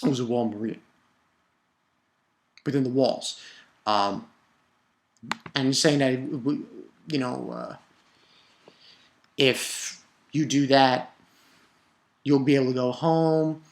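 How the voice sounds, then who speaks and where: A man's voice: medium pitch, slow, long pauses, slight background noise. A young man talks through his review in a loose, rambling rant. He swears often and his voice heats up as he vents. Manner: profane, rambling, heated. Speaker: manga reviewer.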